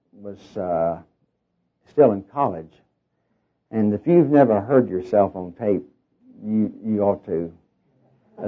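A middle-aged Southern US preacher with a nasal tone speaks at a medium pitch. He tells his sermon as a folksy, rambling story with easy self-deprecating humor. The recording is dull and lo-fi, like an old sermon tape. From Oklahoma, raised in Arkansas.

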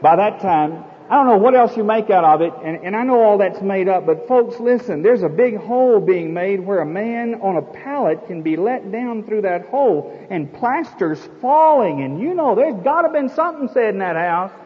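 Folksy male preacher, lively and high, telling a story in an echoey church hall on a dull recording. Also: normal speed, hardly any pauses. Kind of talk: sermon.

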